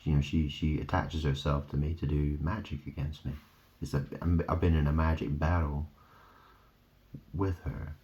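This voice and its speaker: Brief: low, dark-toned man, slow rambling talk, dull lo-fi recording. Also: flat delivery. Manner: rambling, wandering wordplay, trailing off. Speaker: vlogger. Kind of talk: rambling monologue.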